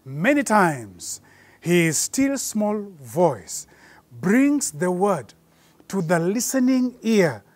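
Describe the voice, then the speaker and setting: A man preaching a sermon, slowing down and rising in force to repeat his points. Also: high-pitched, big pitch swings, no room sound. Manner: measured preaching, slows and rises for emphasis.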